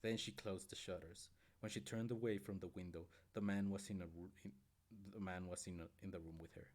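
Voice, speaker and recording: A man with a deep, low voice reads a novel aloud for his stream. He often trips over words and goes back to correct himself mid-sentence. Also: fairly even intonation, brisk, a little mellow. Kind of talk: reading a book aloud.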